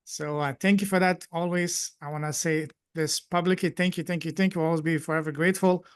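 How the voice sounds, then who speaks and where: A man's voice: on the high side, steady tone, brisk, clean tone. A man hosting a live group call, effusive and grateful, thanking people again and again. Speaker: host and coach.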